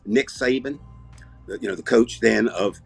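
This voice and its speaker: A man with an Alabama Southern accent, hosting a comedy show and rambling deadpan through comic banter. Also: medium pitch, normal speed, creaky, husky, soft background music. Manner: rambling, deadpan, self-interrupting.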